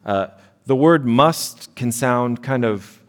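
A male pastor delivers a sermon at a mid-range pitch. His talk is conversational and full of quick "right?" check-ins. The voice carries a long reverb tail, as if it were recorded in a large hall. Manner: conversational preaching, frequent "right?" tag questions.

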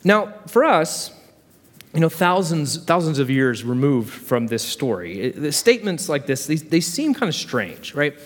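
Animated, conversational preacher in a hall. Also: male voice, fairly high pitch. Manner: conversational, vivid storytelling. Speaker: pastor. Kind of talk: sermon.

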